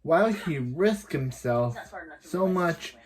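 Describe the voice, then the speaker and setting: Male reaction host, slow hesitant musing, fairly high voice, crowd noise behind. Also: animated. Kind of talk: casual reaction commentary.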